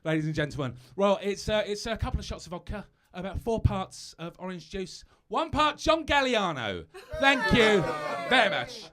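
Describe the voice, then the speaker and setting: A man's voice: high-pitched, very animated, moderate pace, few pauses, bright, forceful tone. A British man doing a stand-up comedy set on a live stage, chatty and self-mocking, stumbling over asides.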